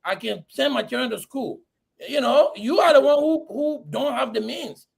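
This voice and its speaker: Man, middle-aged, high gravelly voice, heated, rhetorical. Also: normal speed. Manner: impassioned, repetitive, rhetorical questions. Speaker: panelist. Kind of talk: heated political discussion.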